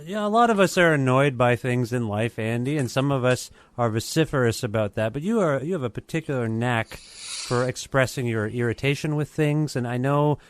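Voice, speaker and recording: A man hosting a podcast, reading a scripted intro and then asking halting, soft-spoken questions with restarts. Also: medium pitch, lively intonation, clean tone. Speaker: podcast host. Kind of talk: scripted intro and casual interview.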